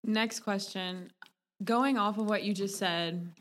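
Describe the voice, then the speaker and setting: A woman hosting a podcast interview, relaxed and chatty, sometimes trailing off as she searches for words. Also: mid-range voice, slow. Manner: relaxed, chatty, laughs easily, loses her words. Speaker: podcast host. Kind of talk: casual interview questions.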